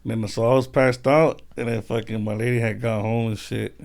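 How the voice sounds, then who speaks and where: A man's voice: medium pitch, little pitch movement, normal speed, vocal fry, darkish tone. A man chatting as a podcast guest, laid-back, rambling and profane. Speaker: guest, host's cousin. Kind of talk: casual chat.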